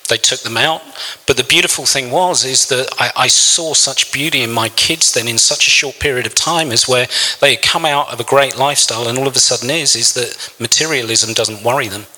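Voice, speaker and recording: A man's voice: medium pitch, a little fast, sharp tone, big-room sound, low-quality recording. A man preaching a sermon, telling a personal story in an earnest, emotional way. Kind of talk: sermon testimony.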